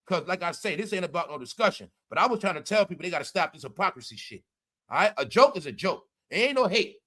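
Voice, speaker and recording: High, bright-voiced man ranting on a livestream. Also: big pitch swings, quick pace. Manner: loud, laughing, profane, repeats "all right?". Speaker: commentary livestream host. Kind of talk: casual livestream commentary.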